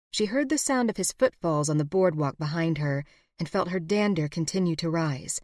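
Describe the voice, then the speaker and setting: A woman reading a romance novel aloud in an even, measured narration. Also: low voice, dry recording, clean studio sound. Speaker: audiobook narrator.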